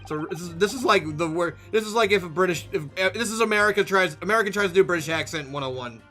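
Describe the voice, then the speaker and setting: A man's voice: high voice, fast, sharp tone, soft background music. A man streaming a game, chatting casually and animatedly with frequent swearing. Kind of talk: casual gameplay commentary.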